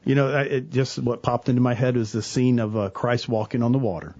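A middle-aged man, a church worker talking about faith in an earnest, animated way, acting out the people in his stories. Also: mid-range voice, a little fast, lo-fi sound. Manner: earnest, animated storyteller, quotes people in voices. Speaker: church worker, guest on a talk show. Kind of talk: casual faith talk.

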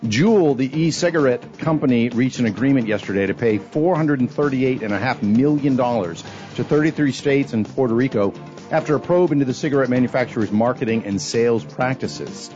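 A man hosting a morning radio show, reading the news headlines in a brisk, even newsreader delivery. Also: mid-range voice. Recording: dull lo-fi radio audio with music bed.

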